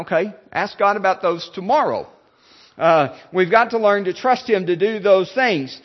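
A male pastor giving a sermon, halting, with many fillers and restarts. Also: high voice, animated, muffled recording.

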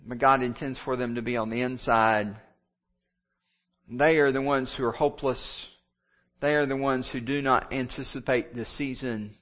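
A man preaching to his congregation in a steady mid-range voice. He builds his points through repeated phrases that rise and fall. The recording sounds muffled and lo-fi. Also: medium pitch. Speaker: pastor. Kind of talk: sermon.

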